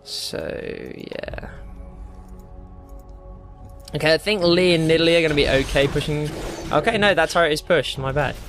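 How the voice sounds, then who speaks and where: A man's voice: on the high side, normal speed, long pauses, soft background music. A young man giving live gameplay commentary, ranting and swearing as he plays. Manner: ranting, swears a lot, excitable. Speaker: gamer.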